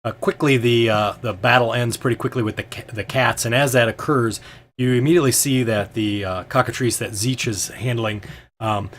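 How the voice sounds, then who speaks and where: A man's voice: fairly low pitch, a bit bright, slight background noise. A man narrating as game master of a tabletop game, hesitant and full of ums and restarts.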